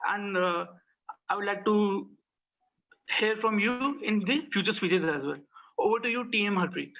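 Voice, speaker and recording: A man's voice: high-pitched, normal speed. A man giving a hesitant evaluation of a speech at an online club meeting, stopping and restarting often. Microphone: video call. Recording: tinny phone-like line.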